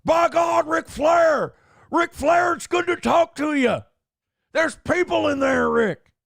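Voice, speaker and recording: A wrestling commentator bellows in a very high, straining voice away from the mic, as a man does him. The over-the-top excitement never lets up. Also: slow, gravelly, no room sound, raised voice, studio quality, full character voice. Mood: bellowing.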